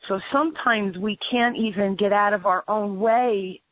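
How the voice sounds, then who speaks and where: A woman business trainer telling stories in a conversational interview, animated and full of "you know" fillers. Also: medium pitch, a little slow, dry recording. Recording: dull lo-fi audio.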